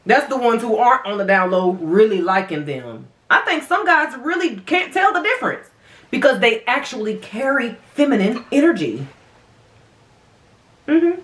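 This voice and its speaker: A woman's voice: a little high, big pitch swings, moderate pace, fairly bright tone, reverberant. A woman vlogger chatting casually to viewers while eating, calling them y'all, her voice swinging up and down. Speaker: mukbang vlogger.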